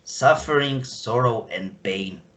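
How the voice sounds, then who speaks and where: A man speaking as a guest on a video call, haltingly searching for words. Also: medium pitch, expressive, a bit bright. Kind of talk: casual online chat.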